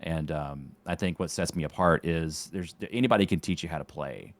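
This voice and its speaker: A man in his late thirties, a podcast guest who coaches tennis and streams, talking in an unhurried way with dry, sarcastic wit. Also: very deep voice. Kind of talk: casual interview chat.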